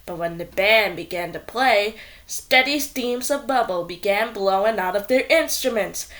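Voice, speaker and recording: Slow, playful woman reading a children's book. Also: medium pitch, lively intonation, a bit bright. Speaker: storyteller.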